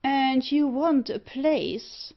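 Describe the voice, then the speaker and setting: A woman voicing a sour-looking gentleman who speaks curtly and briskly. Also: high-pitched, voice pushed up, exaggerated voice. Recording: slightly dull audio.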